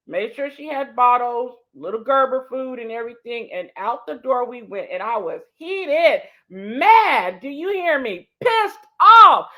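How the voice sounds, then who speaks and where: A woman in her fifties, co-hosting a show, tells a personal story with emphasis, repeating key points and acting out the dialogue. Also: a little high. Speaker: co-host sharing a personal story. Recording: dull lo-fi sound.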